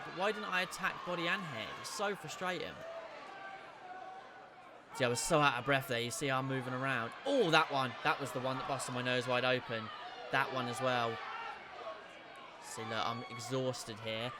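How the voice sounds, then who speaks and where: Man breaking down his own fight. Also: mid-range voice. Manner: animated, self-critical play-by-play. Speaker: boxing video creator. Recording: noticeable background noise.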